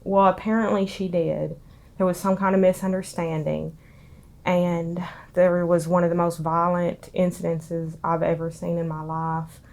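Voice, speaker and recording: A young woman, tearful and halting as she recounts her past in an interview. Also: lowish voice, flat delivery, vocal fry, a little mellow. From Tennessee. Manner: halting, with many ums. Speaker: interviewee, daughter of a street preacher.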